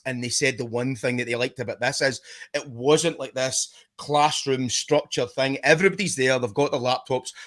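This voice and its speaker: A man's voice: mid-range voice, fairly bright tone. A man, a guest DJ chatting casually, rambling and repeating his words. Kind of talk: casual chat.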